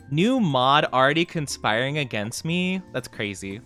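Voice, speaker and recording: A man's voice: medium pitch, expressive, unhurried, sharp tone, faint music behind. A man chatting casually on a live stream, giggling often and answering his chat.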